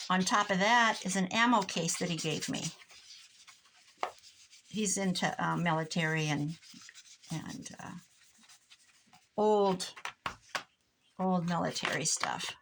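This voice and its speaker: A woman's voice: mid-range voice, fairly bright tone, slight background noise. Chatty rambling middle-aged woman crafting. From Iowa, US. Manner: rambling, chatty, wanders off on tangents. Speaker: crafter vlogger. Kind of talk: casual chat while crafting. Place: home craft room.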